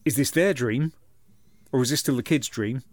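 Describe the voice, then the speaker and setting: A man co-hosting a podcast, retelling a comic story in a sweary, animated way. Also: medium pitch, normal speed, no echo. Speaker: podcast co-host. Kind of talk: casual comic chat reviewing a comic.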